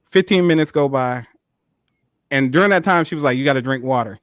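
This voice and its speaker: A man co-hosting a podcast, telling a story in a casual, animated way, full of profanity and quick laughs. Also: medium pitch, no echo, clean studio sound. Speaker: podcast co-host.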